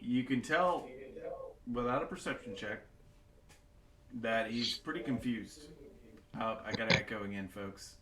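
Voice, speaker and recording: A man's voice: mid-range voice, unhurried, pauses often, crowd noise. A man narrating as a game master in a casual way, full of fillers and asides. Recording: echoey home setup.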